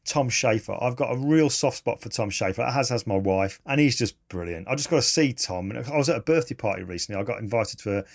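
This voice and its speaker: A man's voice: medium pitch, fast talker, gravelly, hardly any pauses. Enthusiastic man telling stories. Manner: animated, enthusiastic, laughs mid-story. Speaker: photographer and interview guest. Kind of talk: casual interview storytelling.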